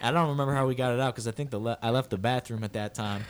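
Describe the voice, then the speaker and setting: A man's voice: mid-range voice, rapid-fire, clean tone. A young man co-hosting a casual podcast chat, rambling through stories and acting out wails. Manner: rambling storyteller, acts out childish wails. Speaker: podcast co-host.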